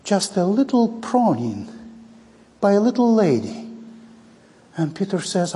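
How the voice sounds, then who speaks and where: Male preacher, dramatic sermon delivery, husky, big hall reverb. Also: sits high, very animated, a little slow, mellow. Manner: dramatic, acts out quoted dialogue.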